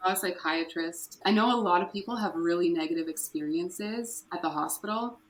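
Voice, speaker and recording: A woman's voice: lowish voice, fairly quick. A woman telling her personal story candidly as a podcast guest, with nervous laughs. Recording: echoey room with faint noise.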